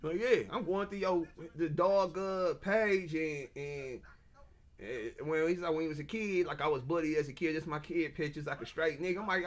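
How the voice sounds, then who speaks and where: Brief: high-pitched man, agitated stammering monologue rant. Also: moderate pace. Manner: agitated, stammering, repeats himself. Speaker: self-published author.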